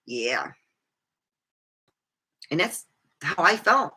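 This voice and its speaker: A woman's voice: sits low, measured pace, sharp tone. A middle-aged woman vlogging candidly about her life, rambling and swearing freely. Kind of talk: personal storytelling monologue.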